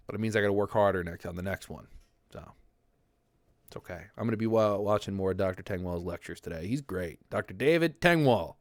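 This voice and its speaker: Lively low-voiced man ranting. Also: fairly quick, dry recording. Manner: rambling, profane, laughs often, talks back to chat. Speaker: streamer reading chat. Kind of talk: casual livestream rant.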